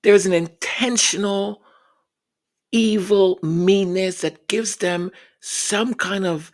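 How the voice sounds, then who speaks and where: Man, earnest reflective commentary, slow deliberate delivery, repeats words, acts out quoted voices. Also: high voice. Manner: earnest, repeats words while searching for them.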